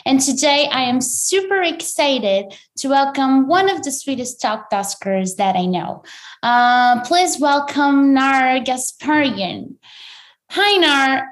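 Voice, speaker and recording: A woman's voice: sits high, expressive, measured pace. A woman hosting a casual interview podcast, bubbly and hesitant with many fillers. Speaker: podcast host.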